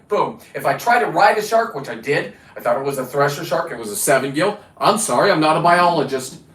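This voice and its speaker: A man's voice: fairly high pitch, fairly bright tone. A middle-aged man from California ranting bluntly and profanely through a rambling livestream monologue. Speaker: livestreaming diver and fisherman. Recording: roomy echo.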